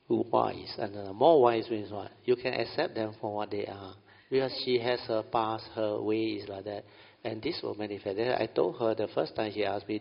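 Gravelly man teaching in an echoing hall. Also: fairly low pitch. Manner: keeps asking "understand?", chuckles often. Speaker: meditation teacher. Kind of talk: informal dharma talk. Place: meditation hall. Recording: dull audio in a long-reverb hall.

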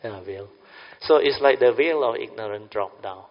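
A man's voice: medium pitch, moderate pace. Older man giving a dharma talk. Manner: chatty, keeps checking the audience with "huh?" and "understand or not?". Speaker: Buddhist meditation teacher. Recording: lo-fi recording in a reverberant hall.

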